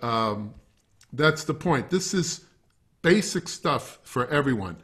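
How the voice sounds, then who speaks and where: A man's voice: mid-range voice, a bit bright. A middle-aged man giving a masterclass on breathing for wind players, talking casually to the class and walking them through exercises. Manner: conversational, talks to a class and has them try breathing exercises. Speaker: wind instrument teacher. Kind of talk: masterclass lecture.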